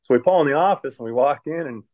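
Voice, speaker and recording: A man's voice: medium pitch, quick pace, a little mellow, highs cut off. A middle-aged man from Michigan, a water plant manager, casually telling stories about his work life in an interview, rambling along with many restarts.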